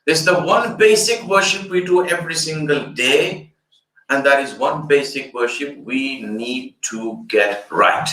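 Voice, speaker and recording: A man's voice: a little high, a little slow, fairly bright tone. An older man, an Islamic scholar, giving an explanatory fundraiser lecture. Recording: echoey room, distant mic.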